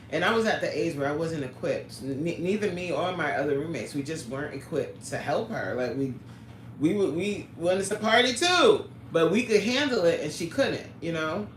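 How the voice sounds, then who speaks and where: A woman hosting a casual livestream, chatting with viewers by name and launching into a story. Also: low-pitched. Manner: chatty, answers the live chat by name, storytelling. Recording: roomy echo, faint background noise.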